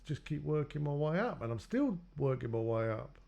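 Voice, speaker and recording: A man's voice: a little high, sing-song, moderate pace, creaky, darkish tone. A man telling his own life story in a loose, rambling way, acting out what others said to him. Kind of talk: personal storytelling.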